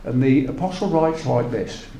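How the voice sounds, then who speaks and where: A man preaching a sermon, retelling scripture in a measured storytelling way and reading old verses aloud. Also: medium pitch, mellow, reverberant.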